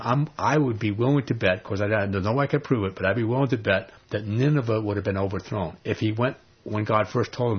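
Husky man preaching a lively sermon. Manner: animated storytelling, laughs and rises in pitch when excited. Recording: dull lo-fi recording.

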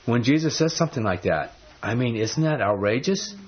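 A man's voice: mid-range voice, lively intonation, normal speed, highs cut off. A man teaching from the Bible in a conversational sermon, emphatic and full of rhetorical questions. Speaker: preacher.

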